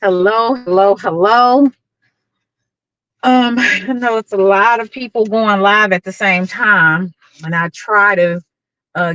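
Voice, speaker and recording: A woman's voice: mid-range voice, bright, forceful tone, smooth, no echo, highs cut off. A middle-aged woman hosting a casual livestream, greeting viewers by name and talking with lots of fillers. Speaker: YouTube livestream host.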